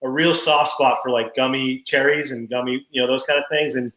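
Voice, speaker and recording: Animated storytelling dad in echoey room. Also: male voice, medium pitch, a little fast. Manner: animated storyteller, laughs often. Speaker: podcast co-host. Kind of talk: casual chat.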